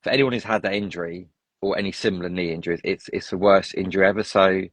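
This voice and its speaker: Low-voiced rambling Englishman. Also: steady tone, fast, no echo. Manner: rambling, full of restarts and tangents. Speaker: interview guest. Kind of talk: casual storytelling.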